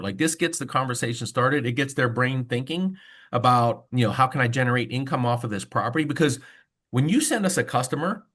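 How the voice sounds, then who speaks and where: A man's voice: medium pitch, a bit bright. A man who works as a mortgage loan officer, presenting on a video call webinar in a casual storytelling way with frequent fillers.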